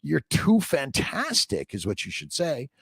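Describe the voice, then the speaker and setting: A man's voice: medium pitch, huge pitch swings, unhurried, vocal fry, fairly bright tone, breathy edge, no room sound, studio quality. An older man, a doctor, hosting a casual morning livestream, upbeat and preachy, greeting viewers by name.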